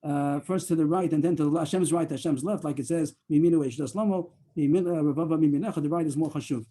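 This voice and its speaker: A man leading a Talmud study class over a video call, explaining in a rambling, halting way with many fillers and restarts. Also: a little high, warm tone.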